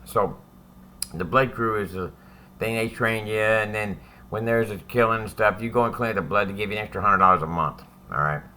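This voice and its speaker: A man with a fairly low, sharp-toned voice tells a rambling, profane story about his time in prison. He speaks at a normal speed and keeps tossing in "right?" as he goes, over a little hiss or hum.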